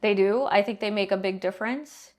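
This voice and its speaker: A middle-aged woman answering interview questions in a measured, explanatory way, often pausing to check in with "right?". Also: mid-range voice, a little mellow. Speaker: guest, banking leader and professor.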